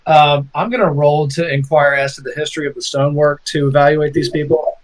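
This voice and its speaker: A man's voice: on the high side, steady tone, brisk, low-quality recording. A man playing a tabletop game, thinking aloud in a hesitant, casual way. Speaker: player.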